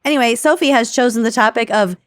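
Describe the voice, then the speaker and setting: A woman's voice: a little high, fast talker, no echo. A woman co-hosting a podcast in casual chat, joking and laughing often. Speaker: podcast co-host.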